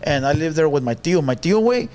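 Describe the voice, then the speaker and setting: A man's voice: a little high, racing. A young man, casually telling a story on a podcast and mixing in Spanish slang. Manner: animated storyteller, mixes Spanish slang, acts out quotes.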